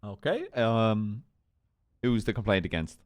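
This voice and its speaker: Man as a relaxed sheriff, smooth clear voice, dry close sound. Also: on the low side, unhurried, dry recording. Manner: calm, easygoing, uses "you know" and "brother". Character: laid-back male sheriff. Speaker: sheriff character. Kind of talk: game role-play.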